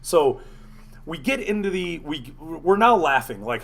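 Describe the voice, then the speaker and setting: A man hosting a casual talk show, telling a story in an animated, profane way. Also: a little high, unhurried. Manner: animated, profane, acts out quotes. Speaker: podcast host.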